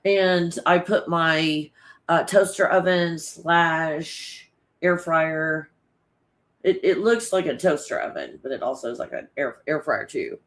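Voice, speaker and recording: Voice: medium pitch, slow pace, fairly bright tone. A livestream host chatting casually with viewers and reading out their comments, in a rambling, loose manner that is full of swearing and frequent laughter.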